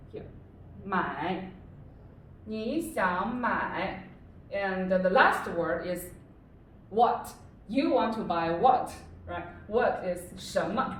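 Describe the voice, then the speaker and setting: A woman teaching a beginner Chinese class, patiently repeating words and checking understanding with "right?". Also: medium pitch. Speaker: Chinese language tutor. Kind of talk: classroom lesson. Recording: roomy echo from far off with faint noise.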